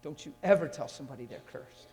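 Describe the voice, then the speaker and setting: Male preacher, high-ish voice, fiery and emphatic, long hall reverb on the mic. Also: lively intonation, fast, warm tone. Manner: intense and emphatic, with rhetorical questions to the audience. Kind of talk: sermon. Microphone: handheld or stand mic.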